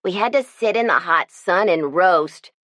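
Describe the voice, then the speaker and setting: A woman's voice: fairly low pitch, a little slow, a bit bright, dry recording, clean studio sound. A woman voicing a hungry, easygoing teenage boy who chats eagerly about school. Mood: philosophical.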